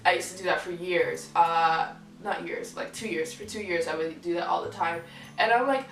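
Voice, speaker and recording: A young woman telling a personal story to camera in a candid, lively, swearing casual style. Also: fairly low pitch, moderate pace. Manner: candid, lively, swears freely, acts out quoted people. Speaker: vlogger. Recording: roomy echo, voice from far off mic, faint music.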